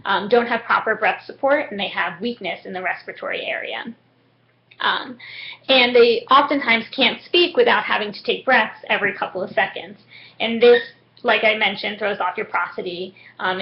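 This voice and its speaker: Young woman explaining over muffled webcam audio. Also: medium pitch. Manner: patient, explanatory, with frequent "um"s. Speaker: speech therapy demonstrator. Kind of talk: instructional demonstration.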